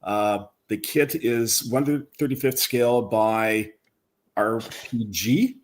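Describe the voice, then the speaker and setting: A man chatting as a guest on a livestream, telling his story in a relaxed, self-deprecating way. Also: medium pitch, takes it slowly. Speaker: guest model builder. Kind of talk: casual chat on a livestream.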